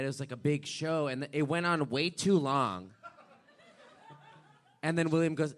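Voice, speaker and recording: A man's voice: fairly high pitch, normal speed, long pauses. A man on a comedy show stage retelling a story, acting out both sides of a phone call. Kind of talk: storytelling banter.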